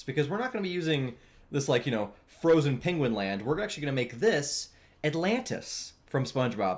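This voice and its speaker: A young man streaming as he draws, chatting in a relaxed way, answering chat and laughing often. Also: mid-range voice. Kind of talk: casual chat while drawing on stream.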